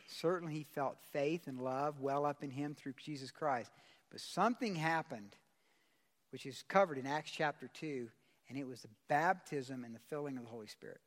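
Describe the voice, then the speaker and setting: A man pastor preaching a sermon in a church service. He talks casually, uses slang and puts questions to the congregation. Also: medium pitch. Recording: long hall reverb.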